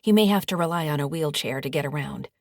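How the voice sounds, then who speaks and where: A woman voicing a female hospital doctor who speaks in a calm, clinical way. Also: deep voice, fast, no room sound, clean studio sound.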